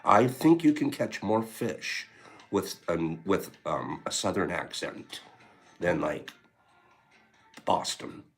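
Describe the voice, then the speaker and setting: Male livestream host, chatty and teasing, animated voice over soft music. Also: low-pitched, slow, pauses often. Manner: rambling, teasing, laughs often. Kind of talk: casual chat reading viewer comments.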